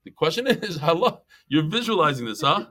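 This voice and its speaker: Lively man teaching Talmud. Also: on the high side, a little fast. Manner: lively, jokey storyteller, mixes Hebrew and Yiddish terms. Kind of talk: animated Talmud class.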